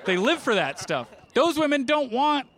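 A man's voice: very high voice, sing-song, normal speed, noisy background. A middle-aged man from New Jersey doing a stand-up routine on a comedy club stage, telling self-mocking stories with playful asides to the crowd. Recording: live stage mic with audible room ambience.

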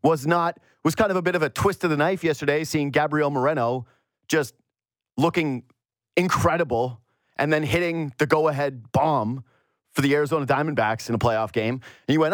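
A man hosting a solo sports talk show, ranting in an animated, exasperated way. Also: on the high side, fairly quick, dry recording, clean studio sound. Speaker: sports radio host.

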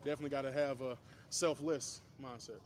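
A man, a football player, explaining his role quickly in an interview clip. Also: medium pitch, fairly even intonation, a little hiss or hum. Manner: quick, matter-of-fact explaining.

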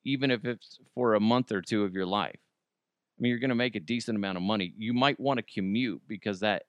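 A man's voice: lowish voice, a little fast, smooth, no room sound, dull audio. A man from Colorado hosting a casual podcast, rambling and joking at his own expense. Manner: rambling, self-deprecating, jokey asides. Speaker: podcast host. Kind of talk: casual solo chat.

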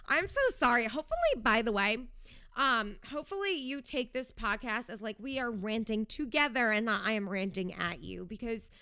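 A woman's voice: fairly high pitch, expressive, normal speed, pushed and bright, smooth, dry recording, studio quality. A young woman hosting a podcast, ranting in a chatty, fired-up way with sarcastic jabs and lots of "like". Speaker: podcast host. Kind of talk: casual reality TV gossip rant.

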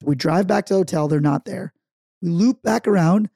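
Gravelly animated New storyteller man. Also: high-pitched, moderate pace, dry recording, studio quality. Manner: animated storyteller, acts out quotes loudly. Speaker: podcast co-host. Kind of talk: casual chat, storytelling.

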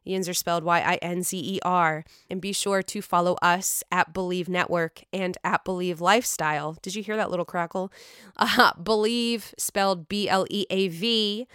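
Her cold has lowered her voice, yet this chatty podcast host keeps a bright, smooth sound as she swears and enthuses in a Pittsburgh accent. She talks at a normal speed, and the recording is close-miked and dry.

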